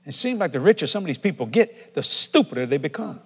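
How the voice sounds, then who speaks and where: A middle-aged man preaches a folksy sermon fast, his fairly high voice sing-song with a breathy edge. He swings from relaxed asides to loud, shouted statements, and his words echo through a large church hall with a long reverb tail.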